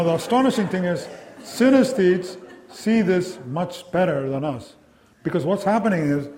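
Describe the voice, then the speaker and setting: Man giving a lively lecture. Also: a little high. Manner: lively, engaging, asks the audience questions; acts out sounds and quoted voices. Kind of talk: academic lecture to a live audience.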